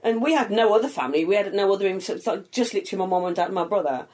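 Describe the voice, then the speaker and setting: A middle-aged woman from the English Midlands with a Black Country accent, chatting as a comedian guest and telling stories with lively swearing. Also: mid-range voice, very fast. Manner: animated storytelling with swearing. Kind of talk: casual chat.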